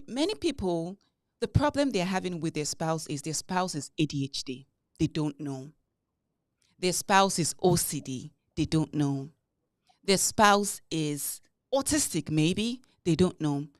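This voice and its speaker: A woman co-hosting a podcast, talking casually and animatedly, putting real weight on her words. Her voice sits a little low for a woman. The sound is dry and close, with no room around it. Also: dry recording. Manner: animated, retells arguments with heavy emphasis. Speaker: podcast co-host. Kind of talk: casual chat.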